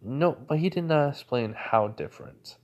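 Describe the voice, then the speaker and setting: Guy rambling thru a fan story, lots of you know, mid pitch voice. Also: lively intonation, moderate pace, a little mellow, lo-fi sound. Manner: rambling, heavy use of "you know" fillers. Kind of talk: casual retelling of a fan-made crossover story.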